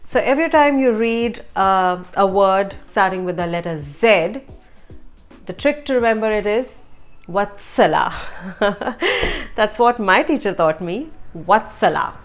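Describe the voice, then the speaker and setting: Woman, language teacher, slow and deliberate, repeats words, faint background music. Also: medium pitch, lively intonation. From India. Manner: slow, repeats each word twice. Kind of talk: German pronunciation lesson.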